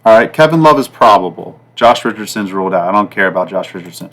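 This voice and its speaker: A man hosting a sports betting podcast in a loose, rambling way, full of fillers and repeats, with sudden jumps up and down in pitch and loudness. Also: animated, quick pace. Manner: rambling, repetitive, fillers like "like" and "guys"; pitch and loudness swing up and down from line to line. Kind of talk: casual betting talk.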